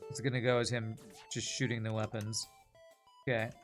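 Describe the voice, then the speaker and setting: A man's voice: lowish voice, level tone, normal speed, over music. A man streaming a video game, chatting with viewers in a rambling, self-mocking way. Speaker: streamer and gamer. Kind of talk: casual chat while playing a game.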